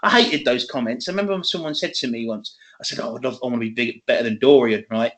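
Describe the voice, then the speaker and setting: A man's voice: mid-range voice, fast, a bit bright. A young man in his twenties chats on a podcast. He rambles from point to point, swears often and breaks into laughs. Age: 20s. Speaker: podcast co-host. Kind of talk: casual chat.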